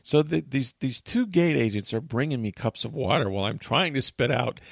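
A man hosting a talk show, telling a long story in animated, chatty fashion and acting out what people said. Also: mid-range voice, moderate pace, vocal fry, hardly any pauses, no room sound, studio quality. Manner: tells long stories, acts out quotes.

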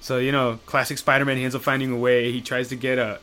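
A man's voice: mid-range voice, little pitch movement, fast, a bit bright, clean tone. A man in casual chat, rambling and swearing as he retells comic storylines and acts out the characters' lines.

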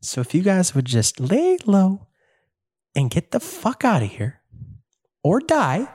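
A game master putting on a contemptuous male villain in a blue robe, cursing and giving orders with sharp rises in pitch. He sneers at everyone and mocks them. A tabletop role-play voice. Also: wildly swooping pitch, slow, breathy edge, heavily acted. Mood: menacing.

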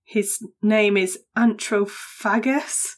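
A woman's voice: medium pitch, fairly even intonation, slow pace. A woman co-hosting a podcast in casual chat, laughing often and trailing off into restarts. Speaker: podcast co-host.

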